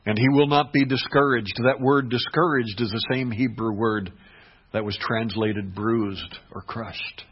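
Male pastor, dynamic sermon delivery, slightly husky, muffled low-fi recording. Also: fairly even intonation, measured pace. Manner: dynamic preaching, swings from hushed to emphatic. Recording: dull lo-fi recording.

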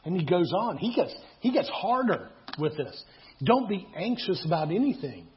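A man's voice: high-pitched, very animated, normal speed, a little hiss or hum. A man preaching a sermon in a conversational way, repeating himself and asking rhetorical questions. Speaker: pastor. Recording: dull lo-fi sound.

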